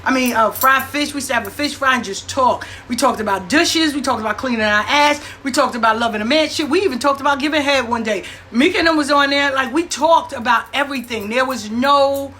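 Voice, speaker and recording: A woman tells stories straight to her listeners. She is blunt and profane and acts out what people said. Her voice is bright and set a little high, with a faint hum of room sound behind her. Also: a little fast. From New York. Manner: blunt, profane, animated with acted-out quotes. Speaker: host. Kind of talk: casual storytelling monologue.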